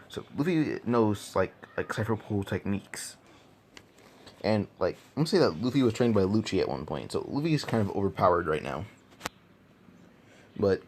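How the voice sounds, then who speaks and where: Casual male storyteller, lowish pitch, rambling, repeats himself often. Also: a little mellow, a little hiss or hum. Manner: rambling, many repeated words and fillers. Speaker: fan storyteller.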